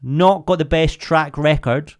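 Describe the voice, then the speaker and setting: A man co-hosting a podcast, chatting casually and joking, dropping into quick put-on voices. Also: fairly high pitch. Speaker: podcast co-host. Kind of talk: casual chat.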